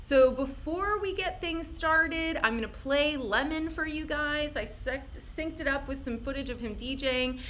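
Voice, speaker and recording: Woman host, bright bubbly delivery, a bit high, faint hiss behind. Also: measured pace, hardly any pauses. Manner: bubbly, swearing, laughs often. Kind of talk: excited live-stream interview intro.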